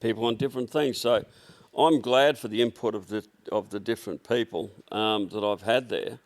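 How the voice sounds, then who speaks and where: Speaking at a moderate pace in a lowish voice, an older Australian workshop owner is the guest in a relaxed interview. He tells blunt, meandering stories, often restarting and filling gaps with fillers.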